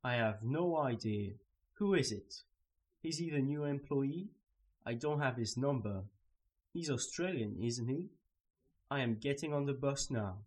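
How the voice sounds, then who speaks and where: A man's voice: medium pitch, lively intonation, measured pace, natural voice. A man voicing a male colleague running late for a meeting, reading a scripted learner dialogue plainly and evenly.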